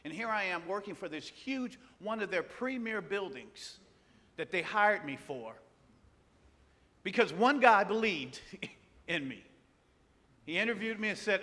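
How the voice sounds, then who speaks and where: A man preaching a sermon, telling a personal story with animated delivery and acting out the voices of the people in it. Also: sits high, unhurried, pauses often. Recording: long hall reverb.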